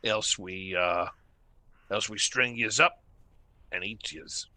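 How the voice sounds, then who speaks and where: A man voicing a gruff, menacing bugbear chief who speaks bluntly in slangy "yous" talk. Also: fairly low pitch, slow pace, pushed and bright, dry recording, heavily acted.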